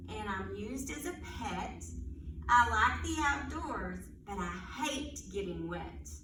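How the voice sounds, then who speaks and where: A woman leading a children's storytime, reading rhyming animal riddles aloud in a gentle, encouraging way and praising the answers. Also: fairly high pitch, far from the mic, slight background noise. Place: library room. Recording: echoey room, voice off-mic.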